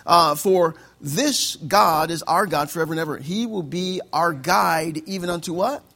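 A man preaching as pastor at a church service, his voice pitched high with a gravelly, creaky edge. He talks to the congregation in an easygoing, chatty way, dropping "amen" between points. He chuckles along as he goes. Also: moderate pace, sharp tone. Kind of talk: sermon.

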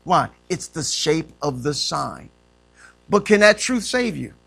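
A man's voice: a little high, very animated, slow pace, vocal fry, a bit bright. A man preaching a sermon who stops to ask the congregation to fill in words and stretches out the key phrases for emphasis. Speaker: pastor.

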